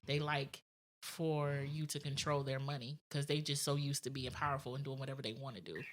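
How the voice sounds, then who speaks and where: A woman's voice: very deep voice, fairly even intonation, brisk. A woman talking frankly in a casual podcast chat, matter-of-fact, laughing often.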